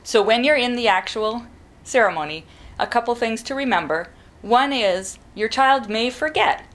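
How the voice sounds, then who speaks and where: A middle-aged woman, a parent, calmly explaining step by step how to teach a child to whisper. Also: on the high side, moderate pace. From New England. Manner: calm, practical, demonstrates whispering. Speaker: parent giving advice. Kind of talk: instructional talk to camera.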